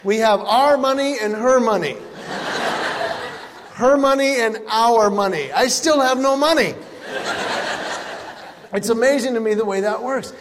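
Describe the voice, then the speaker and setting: A middle-aged man doing a stand-up comedy routine, telling family stories with animated punchlines on stage in a large hall. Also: very high voice, unhurried, long pauses, noisy background. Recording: reverberant hall with faint ambience.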